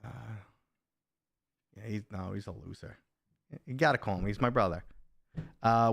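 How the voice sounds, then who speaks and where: A man's voice: fairly low pitch, normal speed, vocal fry, long pauses, dry recording, studio quality. A middle-aged man chatting casually on a live stream, rambling and joking while reading viewers' comments aloud.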